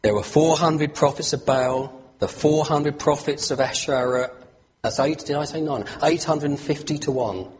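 A man's voice: on the high side, normal speed, a little hiss or hum. A man preaching a sermon, retelling a scripture story with asides to his listeners and rising emphasis.

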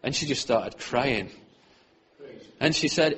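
A church speaker gives an earnest testimony within a sermon, his husky, slightly breathy voice pitched mid-range for a man. He talks slowly yet with animation, and his sentences often trail off softly.

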